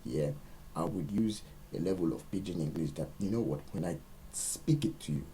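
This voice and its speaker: Nigerian male host, very low and dark voice, emphatic ranting monologue, faint hiss behind. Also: moderate pace, poor audio. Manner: emphatic, ranting, rising into loud outbursts. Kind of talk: opinionated monologue.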